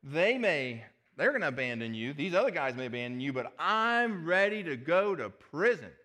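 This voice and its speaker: A preacher acting out a fervent disciple vowing loyalty. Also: male voice, a little high, very animated, normal speed. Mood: passionate. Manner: loud, emphatic vows. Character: passionate bold male disciple, middle-aged.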